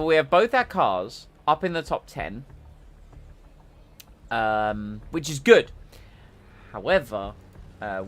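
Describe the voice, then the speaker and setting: A medium-pitched man chats loosely over his own racing game stream, joking and wandering off topic, and his energy spikes as soon as the race starts.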